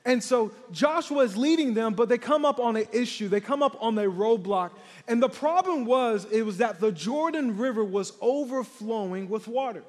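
High-voiced, hyped-up young preacher man. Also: normal speed. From San Antonio, Texas. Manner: energetic, hype, calls out to the congregation. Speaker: middle school pastor. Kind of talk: lively sermon. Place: large church hall. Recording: live church hall with long reverb.

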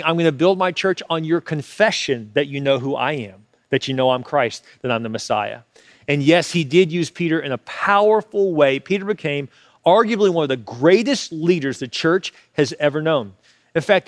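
A man preaches with passion, acting out the quoted lines as he goes. His voice sits fairly high, and the recording is dry and close with no room sound. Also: dry recording. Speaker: pastor. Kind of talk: sermon.

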